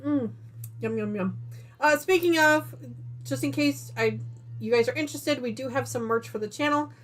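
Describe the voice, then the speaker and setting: A woman's voice: high voice, moderate pace, fairly bright tone, faint music behind. A woman from Northern Illinois hosting a quilting live stream in casual chat, out of breath and chatty, with apologetic asides to her viewers. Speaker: quilting channel host.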